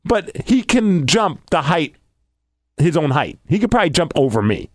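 A man co-hosting a casual podcast, telling a story with excitable, animated energy. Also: fairly high pitch, normal speed. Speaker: podcast co-host. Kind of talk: casual chat.

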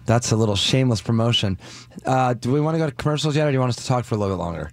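A man's voice: mid-range voice, expressive, racing, gravelly, no echo. A man guest-hosting a radio show in a studio, chatting in a rambling, self-deprecating, jokey way into a studio mic. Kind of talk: casual radio banter. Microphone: studio microphone.

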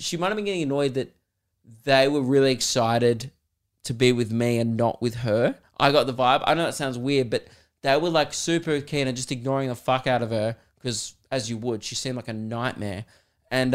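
An Australian man hosting a podcast, telling a story casually with lots of swearing and laughter. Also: a little high. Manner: animated, swearing, joking. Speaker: podcast host and comedian.

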